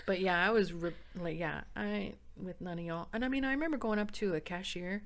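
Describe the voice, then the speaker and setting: A woman from San Diego, a podcast guest, telling stories in a lively casual chat. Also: fairly low pitch, a little fast. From San Diego, California. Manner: animated, acts out other people's lines in the stories.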